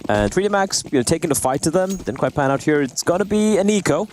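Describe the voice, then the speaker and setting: A man doing live play-by-play commentary on a competitive game, animated and jokey between calls. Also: a little high, fast talker, slight background noise. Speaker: esports caster. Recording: broadcast with loud game sounds behind.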